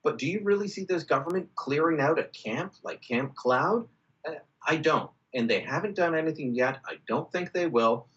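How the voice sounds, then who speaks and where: A man's voice: a little high, lively intonation, normal speed, fairly bright tone. A man giving emphatic, opinionated political commentary over a video call, with frequent "uh" and "you know". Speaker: political contributor. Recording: muffled video-call audio.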